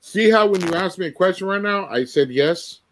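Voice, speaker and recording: A man's voice: sits high, lively intonation, normal speed, slight background noise. A man, a former co-host, arguing tersely and demanding yes-or-no answers. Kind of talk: heated confrontation.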